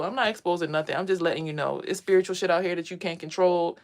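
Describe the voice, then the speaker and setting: Her voice is lowish and her pace quick as she casually talks to her live chat. A spiritual vlogger, she's blunt and profane, stressing points as she tells her stories.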